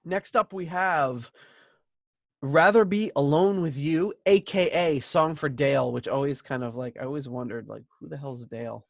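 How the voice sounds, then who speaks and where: A man's voice: a little high, normal speed, creaky, no room sound. A man in his thirties hosting a podcast, chatting casually and rambling about an album, laughing easily. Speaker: podcast host. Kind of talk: casual album review chat.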